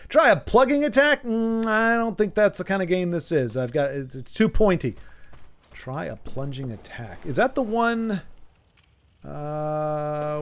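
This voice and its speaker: A man with a somewhat high voice chats casually while he plays, joking and wandering off on tangents. He reacts to the game and answers his viewers as he goes. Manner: joking, rambling, talks to chat. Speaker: streamer. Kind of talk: casual gameplay commentary.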